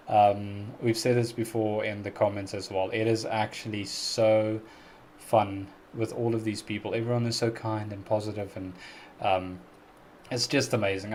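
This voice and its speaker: A man's voice: fairly low pitch, a little mellow, slight background noise. A young man with an Afrikaans accent, native Afrikaans speaker, hosting a live stream Q&A, friendly and chatty with frequent laughs and fillers. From South Africa. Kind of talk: casual live-stream Q&A chat.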